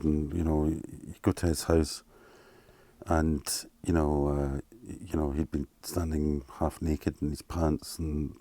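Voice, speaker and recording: A man's voice: very deep voice, slightly rough, no room sound. A Scottish man in his fifties, a keyboard player telling candid stories in an interview and acting out what people said. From Scotland. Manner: candid, animated anecdotes with acted-out quotes and swearing. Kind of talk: casual storytelling interview.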